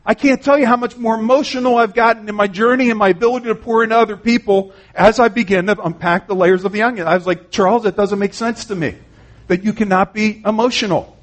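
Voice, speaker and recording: A man's voice: high-pitched, fairly even intonation, fast talker. A man preaching an earnest, conversational sermon, retelling conversations and often saying "man". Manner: frequent "man" and restarts.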